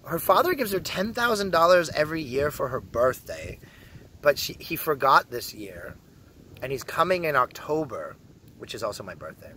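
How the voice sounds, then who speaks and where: Lively crude-joking young man outdoors. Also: fairly high pitch, moderate pace, a little hiss or hum. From Canada. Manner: crude, joking, often drops to a hushed mutter. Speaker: vlogger. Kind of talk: casual rambling vlog.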